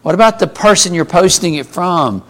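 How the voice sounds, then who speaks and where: A man's voice: high-pitched, lively intonation, moderate pace, a bit bright. A man teaching a group Bible class in a conversational way, asking the group questions as he goes.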